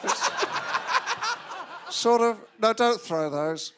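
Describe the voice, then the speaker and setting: A man's voice: high-pitched, very slow, heavy background noise. A man comedian riffing in casual radio chat, drawling with hesitant fillers. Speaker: comedian guest.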